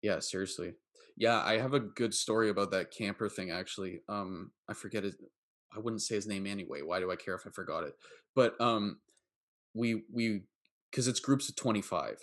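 Podcast host: man, lowish voice, relaxed storyteller, casual asides. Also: normal speed. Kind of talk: casual podcast conversation and anecdote.

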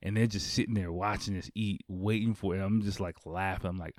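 A man with a fairly low voice tells a long, casual story full of swearing and acted-out quotes. The sound is dry and close, with no room around it. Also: a little fast, few pauses, no echo. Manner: profane, animated anecdote with acted-out quotes.

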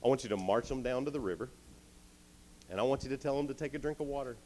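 Man voicing a calm, commanding divine voice. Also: medium pitch, fast talker, slight background noise, pitched above the performer's own voice, lightly acted. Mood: directive. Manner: giving plain step-by-step orders.

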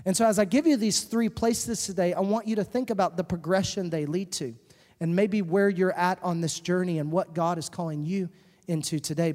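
A woman's voice: lowish voice, warm tone. Woman pastor giving a sermon: earnest, emphatic, repeats key lines; stage mic in a big church hall with long reverb.

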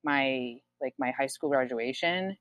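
A woman's voice: rumbling low, unhurried, no echo, muffled recording. A woman in her twenties, telling her own story frankly in a casual chat, swearing often and using many fillers. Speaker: guest sharing her story.

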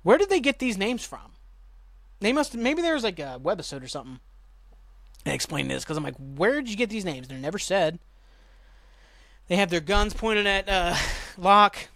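A man hosting a podcast, casually recapping a TV episode in a rambling way, swearing and jumping into quick voices for the characters. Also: sits high, sing-song, fairly bright tone, no echo. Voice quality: rambling, swears, acts out lines with quick voice jumps. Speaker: podcast host.

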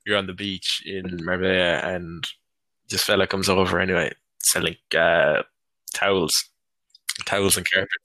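A man's voice: deep voice, level tone, moderate pace, bright, forceful tone, no echo. A young man chatting casually as a podcast co-host, telling a rambling story with swearing and laughs. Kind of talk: casual chat.

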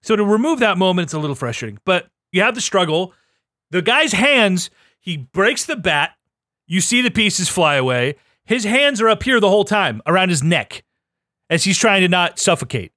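A man co-hosting a podcast in casual chat, animated and swearing, acting out his reactions. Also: sits high, moderate pace, no room sound, clean studio sound. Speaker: podcast co-host.

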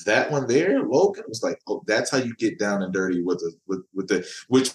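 A man's voice: lowish voice, expressive, a little fast. A man, a comic book writer, chatting casually as a podcast guest and often repeating words as he finds his thought. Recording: echoey room.

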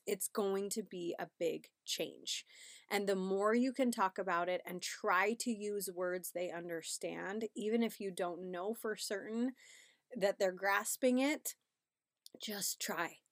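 A woman's voice: medium pitch, measured pace, no room sound, clean studio sound. A pregnant woman in her thirties hosting a casual parenting podcast, chatty and upbeat, often checking in with "right?". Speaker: podcast host.

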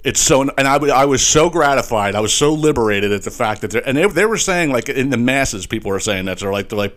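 Rambling, cursing podcast host, slight Philly accent. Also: male voice, mid-range voice, a little fast, hardly any pauses. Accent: slight Philadelphia. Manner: rambling, animated, frequent profanity and restarts. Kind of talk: casual profane monologue.

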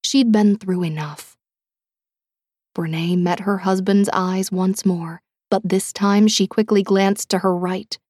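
A woman reading an audiobook in a measured, dramatic way, dropping to a hush at tense moments. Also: mid-range voice, fairly even intonation, no echo, clean studio sound. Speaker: audiobook narrator. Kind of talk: scripted audiobook narration.

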